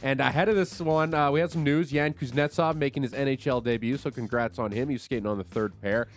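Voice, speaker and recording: A man's voice: medium pitch, fairly even intonation, fast talker, soft background music. A man hosting a sports radio show, recapping hockey plays in a conversational way with many fillers. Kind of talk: casual sports talk recap.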